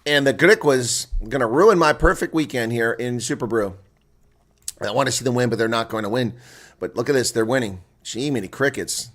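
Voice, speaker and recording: Man, mid-range voice, solo live rugby reaction caller, excitable and chatty. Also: medium pitch, normal speed. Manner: excitable, exclaiming, chatty asides to viewers. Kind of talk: live reaction play-by-play commentary.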